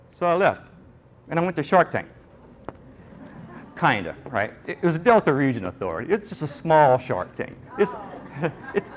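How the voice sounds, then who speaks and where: The sound is lo-fi as a middle-aged man with a slightly high voice gives a conference talk. A nurse entrepreneur, he tells his story as an animated storyteller, joking and acting out the people he quotes.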